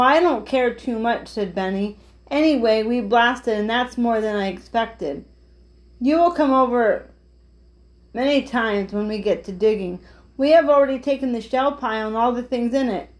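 Woman, read-aloud storytelling, children's chapter book, slightly high voice, gentle. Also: normal speed, poor audio.

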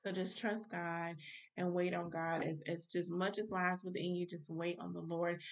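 A woman's voice: on the low side, little pitch movement, normal speed, distant mic. A woman minister giving a casual Bible study talk, speaking straight to her listeners. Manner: informal, direct address to listeners.

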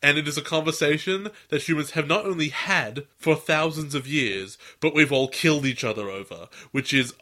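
A man co-hosting a casual podcast chat, animated and opinionated, picking apart an anime dub. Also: on the high side, moderate pace, few pauses. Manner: animated, opinionated, mocks lines with put-on quotes. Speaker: podcast co-host.

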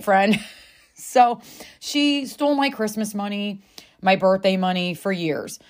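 A woman with a mid-range, slightly slow voice talks to the camera like a self-help speaker, sharing a personal story in a chatty, confiding way. She swears freely and keeps calling the listener "friend."

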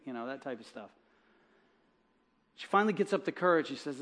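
A male pastor preaching a sermon in a church, telling a story and softly acting out its dialogue. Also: fairly high pitch, lively intonation, quick pace, pauses often.

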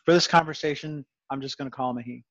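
A man's voice: medium pitch, fairly even intonation, fast, fairly bright tone, dry recording, rough recording. A man hosting a conversational interview, rambling and self-aware with sarcastic asides. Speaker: podcast host.

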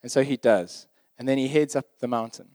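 A man's voice: medium pitch, fairly even intonation, brisk, mellow, no echo. Conversational male preacher, dry sound. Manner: conversational and emphatic, often checking in with "right?". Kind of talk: sermon.

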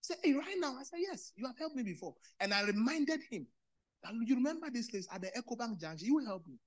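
A man from Ghana with a Ghanaian accent, preaching a sermon that swings between loud bursts and low quiet lines, repeating phrases. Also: very animated, quick pace. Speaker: pastor.

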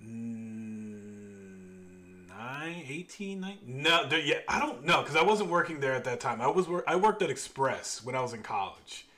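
A young man in his twenties co-hosts a relaxed podcast chat. His voice is bright and forward, and he cuts in with dry, blunt remarks. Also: mid-range voice, a little slow. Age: 20s. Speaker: podcast co-host. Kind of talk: casual chat.

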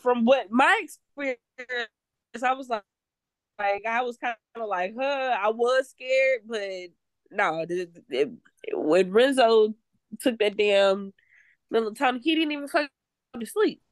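Chatty mom in dry close-miked talk. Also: female voice, a little high, animated, unhurried, no room sound. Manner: rambling, many fillers and restarts. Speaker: podcast co-host. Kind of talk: casual chat.

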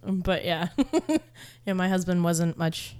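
A woman's voice: lowish voice, little pitch movement, slow, a little mellow, clear, resonant tone. A woman co-hosting a comedy podcast in casual chat, often laughing through her sentences. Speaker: podcast co-host.

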